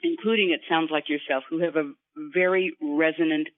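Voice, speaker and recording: A woman guest voice actor in an interview, explaining voice technique in an instructive way and slipping into quick voice demonstrations. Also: low voice, fairly even intonation, dry recording. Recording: tinny phone line.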